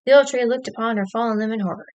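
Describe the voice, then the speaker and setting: A woman's voice: on the high side, rapid-fire, a little mellow, highs cut off. A woman streamer reading an interactive story aloud, dropping wry, dry asides between passages.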